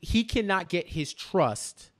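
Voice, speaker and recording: A man's voice: sits high, takes it slowly. A young adult man co-hosting a podcast, chatting casually and acting out scenes with many restarts. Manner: animated, restarts often, acts out scenes. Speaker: podcast co-host. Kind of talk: casual chat.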